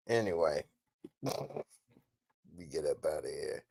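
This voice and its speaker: A man hosts a podcast in loose, slangy commentary, animated and quick to laugh. His voice is gravelly and his delivery unhurried. The recording is dry and close, with no room sound. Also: extremely low pitch, no room sound. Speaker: podcast host. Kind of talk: casual commentary.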